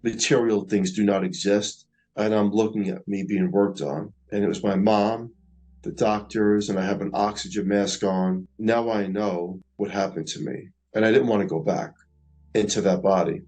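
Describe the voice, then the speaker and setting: A middle-aged man, earnestly recounting a personal experience in a slow, reflective way. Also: fairly low pitch, fairly even intonation, darkish tone, low-quality recording. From Staten Island, New York. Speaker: near-death experiencer. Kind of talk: personal storytelling.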